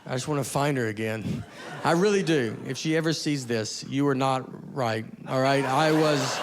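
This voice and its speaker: A man telling a stand-up story on stage, deadpan and understated, with rambling asides. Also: mid-range voice, normal speed, hardly any pauses, crowd noise. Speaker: stand-up comedian. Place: comedy stage before a live audience. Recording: live audience murmur and faint noise. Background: audience laughter.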